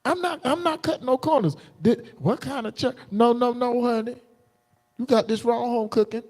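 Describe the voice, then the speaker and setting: A man preaching a combative, defiant sermon on a livestream, jumping into sudden high outbursts. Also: normal speed, a little mellow. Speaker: preacher streaming live.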